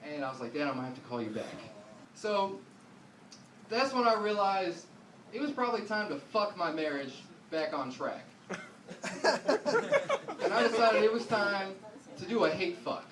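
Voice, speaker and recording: Young male stand-up, high voice, profane deadpan storyteller; roomy, distant club recording with crowd noise. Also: measured pace, long pauses. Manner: profane storytelling with deadpan asides, voicing others in quotes. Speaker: stand-up comedian. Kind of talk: stand-up comedy set. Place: comedy club stage before a live audience.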